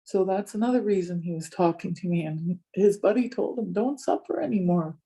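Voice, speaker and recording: An older woman, a community elder, telling a personal story with lively quoted exchanges. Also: lowish voice, brisk, breathy edge. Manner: animated retelling with many quoted exchanges. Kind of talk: storytelling talk.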